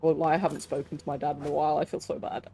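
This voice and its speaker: A woman's voice: sits low, level tone, rapid-fire, gravelly, warm tone, faint music behind. A woman streaming a game, chatting crudely and laughing often. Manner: crude, giggly banter with frequent laughs. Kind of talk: casual chat while gaming.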